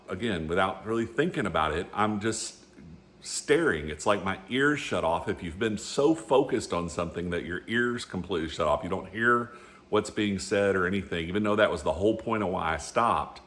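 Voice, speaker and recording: Deep-voiced man telling a rambling testimony. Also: a bit bright. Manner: rambling and earnest, with frequent restarts. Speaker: storyteller sharing a faith testimony. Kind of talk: casual spoken testimony.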